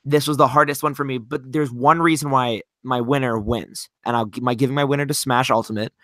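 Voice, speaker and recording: A man's voice: medium pitch, steady tone, a little fast, fairly bright tone, dry recording, clean studio sound. A man co-hosting a podcast, chatting casually about video games, hesitant and earnest with many restarts. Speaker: podcast co-host.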